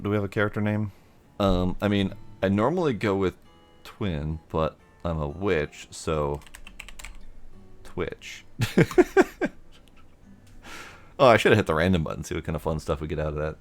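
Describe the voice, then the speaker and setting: A man streaming a video game, chatting casually and laughing often as he plays. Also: deep voice. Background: faint game music.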